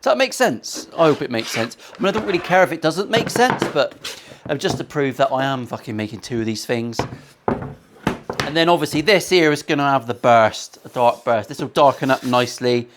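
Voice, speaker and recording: A man's voice: medium pitch, expressive, normal speed, noisy background. A man building a guitar in his workshop, chatting in a cheeky, joking, sweary way full of rambling asides. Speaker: luthier, guitar-building vlogger. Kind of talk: casual sweary banter while working.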